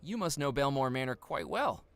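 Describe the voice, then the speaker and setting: A man's voice: medium pitch, sing-song, normal speed, fairly bright tone. An actor playing a wry male investigator who narrates a video game in a dry manner. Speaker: game character.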